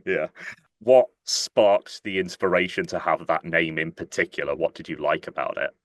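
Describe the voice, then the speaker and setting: A man's voice: deep voice, expressive, moderate pace, creaky, no echo, clean studio sound. A man hosting an interview in an upbeat, chatty way, laughing often. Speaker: interviewer, host. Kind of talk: casual interview chat.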